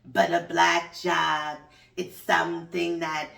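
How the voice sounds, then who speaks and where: A woman's voice: on the low side, little pitch movement, slow pace, creaky, a bit bright, recorded from a distance, full character voice. A woman doing a mocking impression of a smug, dismissive male politician, recorded off-mic in an echoey room. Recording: roomy echo, off-mic.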